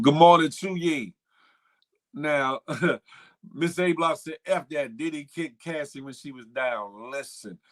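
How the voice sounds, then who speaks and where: A man hosting a casual morning show, emphatic and animated, calling out viewers by name. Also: fairly high pitch. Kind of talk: casual livestream commentary.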